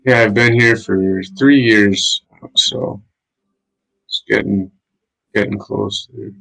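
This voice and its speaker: A man's voice: fairly low pitch, slow, creaky, fairly bright tone, poor audio. A man chatting casually on a home livestream, laid-back and chatty, leaning on "like" a lot. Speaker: guest streamer. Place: home, living in Lima. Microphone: streaming mic setup.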